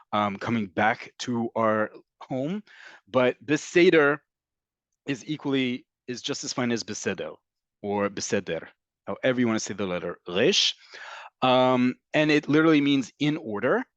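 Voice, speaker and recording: Over a video call on a computer mic, a man teaches Hebrew vocabulary in an online class, explaining patiently with fillers and frequently checking "okay?" His voice is mid-range, and the audio is dull with no room sound.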